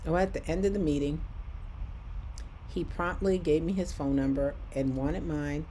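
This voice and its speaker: A woman's voice: low-pitched, steady tone, normal speed, dark tone, slight background noise. A woman from Michigan telling a personal story in a vlog, acting out both sides of a conversation.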